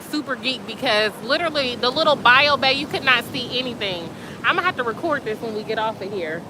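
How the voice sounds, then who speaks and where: A woman hosting a casual live stream outdoors by the sea at night, chatting and reading comments in an excitable, slangy way. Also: fairly high pitch. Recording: outdoor phone audio with surf and wind noise. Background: waves and wind.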